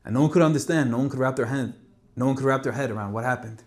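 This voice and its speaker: A man telling an emotional story in a Torah talk, moving between loud emphasis and hushed tones. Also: mid-range voice, rapid-fire. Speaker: speaker giving a Torah talk.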